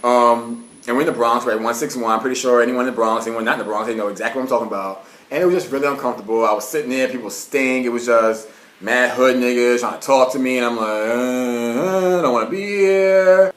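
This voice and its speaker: A young man talks in a loose, animated storytime, swearing freely and breaking into quick rants. His voice sits at an ordinary middle pitch. The room around him sounds noticeably echoey. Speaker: vlogger. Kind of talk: casual storytime monologue. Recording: roomy echo.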